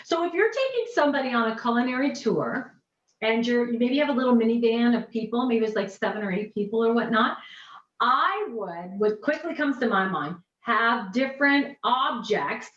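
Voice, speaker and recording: A woman coaching on pitching during a video call workshop, animated and gushing, often restarting her sentences. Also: moderate pace. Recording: dull, roomy, distant video call audio.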